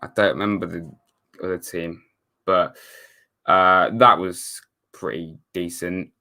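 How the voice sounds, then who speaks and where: He takes it slowly, his low voice sharp in tone with fairly even intonation. A young man from England hosting a watchalong stream, he chats casually over viewer comments, rambling, correcting himself, and adding wry, sarcastic asides.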